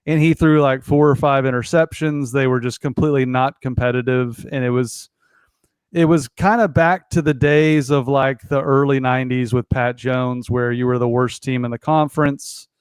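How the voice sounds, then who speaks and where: A man, hosting a casual sports podcast over a remote call in a relaxed, conversational way. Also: mid-range voice, clear, resonant tone, dry recording. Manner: conversational, relaxed with occasional fillers. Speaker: podcast host.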